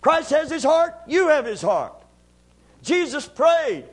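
A man's voice: very high-pitched, big pitch swings. A man preaching a sermon to a church congregation, calling for responses and stretching out key lines for emphasis. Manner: rises to loud, drawn-out emphasis on key lines. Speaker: pastor.

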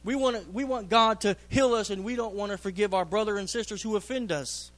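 High-voiced fervent preacher man. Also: fairly quick, fairly bright tone. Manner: fervent, repeats phrases for emphasis. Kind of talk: sermon. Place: church.

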